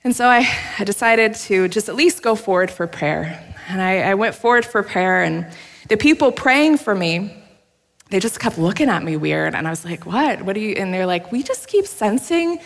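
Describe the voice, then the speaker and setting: A woman's voice: mid-range voice, normal speed, creaky. A woman preaches a sermon in a church sanctuary, her voice trailing into a long hall reverb. She tells her story candidly and with self-deprecating humor, breaking into little laughs along the way. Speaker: pastor.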